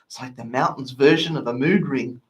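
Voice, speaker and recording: A woman's voice: a bass voice, fairly quick. A woman co-hosting a podcast, reading out a comedic lecture with jokes and frequent laughter. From Australia. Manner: jokey, laughing, self-interrupting. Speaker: podcast co-host. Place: studio.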